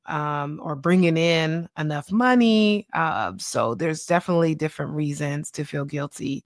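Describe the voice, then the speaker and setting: Woman, 30s, podcast host and child psychiatrist. Lowish voice, chatty and animated, quick to laugh, recorded dry on a close mic. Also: no echo. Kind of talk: casual solo podcast talk.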